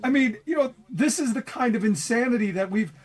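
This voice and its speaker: A man with a notably high voice, joining a radio show as a guest host. He speaks with passion and dry sarcasm, building his points steadily. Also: fairly quick, a little mellow, breathy edge. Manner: sarcastic, passionate political commentary. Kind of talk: casual talk radio.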